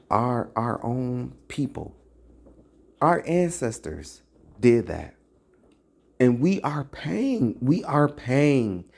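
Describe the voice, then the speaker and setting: A slow, deliberate speaker preaching a scolding monologue, full of rhetorical questions and repeated lines. The voice leaps up and drops low with lively swings of pitch, mixing scripture talk with casual slang. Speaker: self-styled religious teacher. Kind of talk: impassioned religious monologue to camera.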